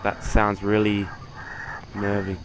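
With soft music in the background, a young gamer speaks slowly in a lowish, completely flat voice while playing a horror game. His let's-play commentary is casual and sweary; he reads lines aloud and mocks the characters sarcastically.

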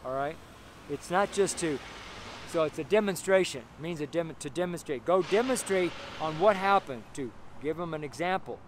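A male street preacher delivers a fervent sermon outdoors and acts out the scripture scenes in character voices. His voice sits a little higher than most men's, and faint city traffic hums behind him. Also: animated, moderate pace.

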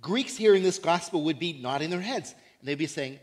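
A man preaching a sermon in church, animated and emphatic, repeating key phrases and acting out imagined listeners. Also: a little high, moderate pace, few pauses. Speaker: pastor.

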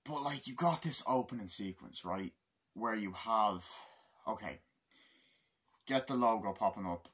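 A young man giving a casual spoken movie review, excited and swearing a lot, acting out scenes in a raised voice. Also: fairly low pitch, measured pace, pauses often, slightly rough.

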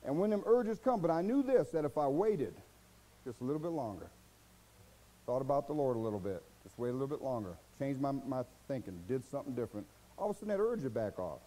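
In a roughly recorded sermon, a man preaching as pastor talks quickly in a sing-song, folksy, colloquial way, sinking to quiet murmurs and then surging into loud, high-pitched bursts.

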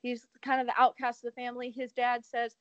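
High-voiced woman on a podcast, sarcastic rambly movie recap, dry kinda dull audio. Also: monotone, brisk, no echo. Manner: sarcastic, rambling plot retelling. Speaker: podcast co-host. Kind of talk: casual podcast chat.

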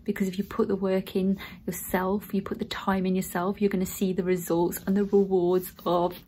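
A woman's voice: medium pitch, little pitch movement, moderate pace, mellow, a little hiss or hum, poor audio. A woman in her thirties, a student nurse, chatting casually to her viewers and talking them through things step by step. She sounds earnest and encouraging. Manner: chatty, addresses viewers as guys. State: tearful, emotional. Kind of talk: casual vlog.

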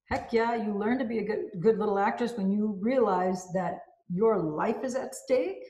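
Brief: female book reviewer, warm, effusive, reading then chatting, roomy reverb. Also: mid-range voice, moderate pace, few pauses. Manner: effusive, expressive. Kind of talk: reading aloud and casual commentary. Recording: roomy echo.

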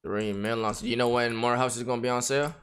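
Slangy laid-back young man, bright tone. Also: mid-range voice, steady tone, quick pace, clean tone. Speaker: streamer roleplaying a gang member. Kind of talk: casual roleplay banter in slang.

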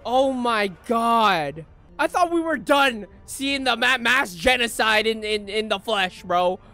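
Male reaction streamer, lively and swinging in pitch, profane, jumps from shouting to hushed mutters. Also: slow, vocal fry, soft background music. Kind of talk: live reaction commentary.

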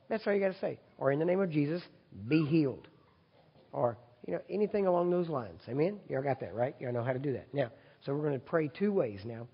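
Male preacher, gravelly and husky, conversational with the congregation, dull recording in a big reverberant hall. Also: on the high side. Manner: leads congregation in repeat-after-me prayer, loud and emphatic; conversational, asks audience for agreement. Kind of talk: sermon.

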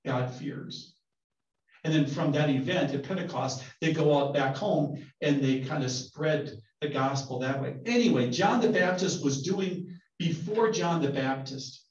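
Casual, joking male pastor. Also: a little high. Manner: casual, joking, asks the group questions. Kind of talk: conversational bible study teaching. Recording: roomy, distant, dull sound.

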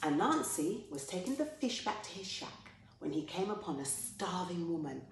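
A woman hosting a poetry show, reading a folktale aloud in a lively, expressive way. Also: lowish voice, normal speed. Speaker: storyteller. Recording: very echoey room.

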